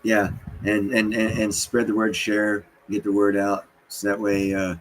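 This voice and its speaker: A man's voice: on the low side, monotone, measured pace, poor audio. A man hosting a livestream from an unfinished basement, rambling with many fillers. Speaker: livestream host. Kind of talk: casual livestream talk.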